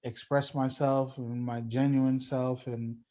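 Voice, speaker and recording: A young man, a guest musician, talking in a relaxed, loose podcast chat and leaning on "like" and "you know". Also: medium pitch, takes it slowly. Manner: laid-back, heavy on "like" and "you know".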